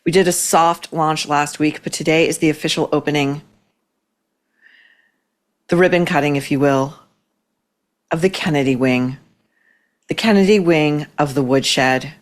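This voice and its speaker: A woman's voice: deep voice, unhurried, pauses often. A woman hosting a commentary podcast, talking in a sarcastic, cutting way. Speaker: podcast host. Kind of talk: opinionated commentary.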